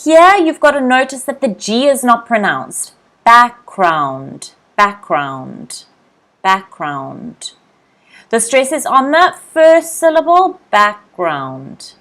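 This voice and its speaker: A young woman with an Australian accent teaching English vocabulary in a live online lesson, repeating each word slowly and greeting viewers by name. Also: sits high, expressive. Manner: slow, drilled word repetition.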